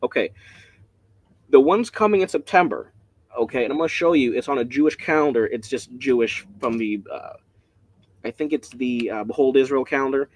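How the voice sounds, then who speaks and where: Excitable man explaining scripture. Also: medium pitch, a little fast, a little hiss or hum. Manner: rambling, excitable, self-interrupting. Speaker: Bible study teacher. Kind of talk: casual Bible study teaching. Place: home.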